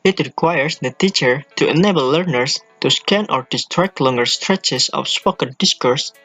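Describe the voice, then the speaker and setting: A man's voice: a little high, moderate pace, a bit bright, soft background music. A young man giving a class presentation as a student, explaining steadily point by point.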